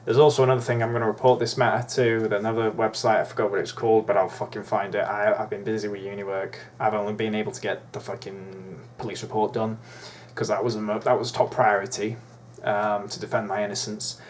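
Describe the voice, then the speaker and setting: A man's voice: on the low side, flat delivery, fast, a little hiss or hum. A young man ranting in a vlog, profane, indignant and rambling. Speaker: YouTuber.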